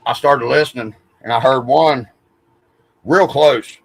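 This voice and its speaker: A man's voice: mid-range voice, measured pace, gravelly, husky, no echo, poor audio. A man, rambling through stories in a casual podcast chat and swearing freely. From West Virginia. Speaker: podcast host.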